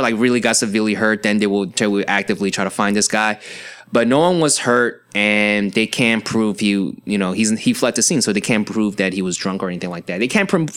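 Young New guy, bright forceful voice, ranting and cursing about his day. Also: on the low side. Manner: profane, ranting, heated. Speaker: podcast host. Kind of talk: casual ranting monologue.

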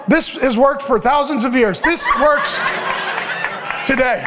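A middle-aged man preaching a sermon, animated and joking, acting out the people he reads about. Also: extremely high pitch, moderate pace, slight background noise. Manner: animated, joking, acts out the characters' lines; preaching to a laughing audience. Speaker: pastor.

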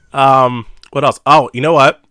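A man co-hosting a podcast chats casually about movies in a fairly high, bright voice with a forceful tone, on a dry, clean studio recording. He rambles, laughs often and acts out little dialogues.

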